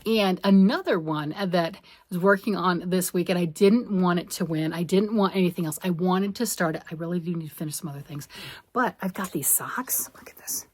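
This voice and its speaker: A woman's voice: on the low side, fairly quick, a little mellow. A middle-aged woman chatting casually to camera about her crafts from her home, bubbly and self-deprecating. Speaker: crafting vlogger.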